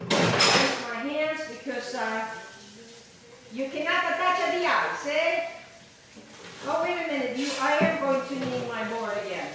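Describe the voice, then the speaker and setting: A woman hosting a home cooking demonstration, chatty and exuberant, breaking into sudden high whoops as she works in her kitchen. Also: unhurried, echoey room, noisy background. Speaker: cooking show host.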